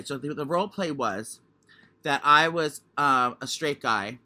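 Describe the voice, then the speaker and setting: A man's voice: on the high side, a little slow, bright, forceful tone. A young man co-hosting a podcast, telling a rambling story with stutters and restarts. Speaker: podcast co-host. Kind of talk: casual storytelling chat.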